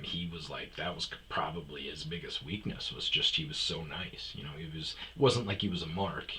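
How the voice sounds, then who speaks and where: A man's voice: extremely low pitch, pushed and bright, a little hiss or hum. A middle-aged man hosting a podcast, telling rambling, profane comic stories and acting out the lines of the people in them. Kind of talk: casual comedic storytelling.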